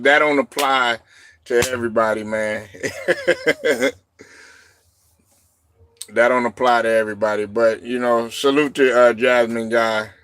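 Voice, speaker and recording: A man hosting a casual live stream, rambling and laughing often, breaking into loud shouted reactions. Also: mid-range voice. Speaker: show host.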